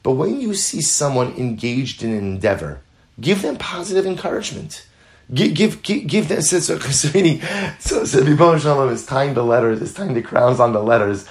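A man teaching a Talmud class. He speaks earnestly, repeats phrases for emphasis, mixes in Hebrew and Yiddish terms, and builds to lively, louder stretches. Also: mid-range voice, moderate pace. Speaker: Torah teacher.

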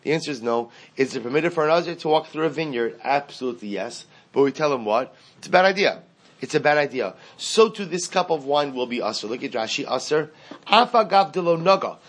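A man's voice: medium pitch, fast talker, hardly any pauses. A man giving a Talmud class lecture, explaining a passage in a singsong study cadence, repeating phrases and asking and answering his own questions. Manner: explains in a singsong study cadence, mixing Aramaic and Hebrew terms. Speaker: Talmud teacher.

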